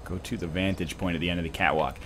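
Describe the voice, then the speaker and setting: A man's voice: low voice, steady tone, fast, a bit bright, slight background noise. A man giving casual, jokey commentary while playing a video game, drifting off into rambling tangents. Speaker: let's play host.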